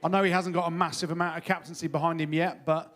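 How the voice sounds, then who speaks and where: A man's voice: on the high side, flat delivery, quick pace, a bit bright. A man who is a rugby pundit on a live panel, joking with colleagues before answering questions.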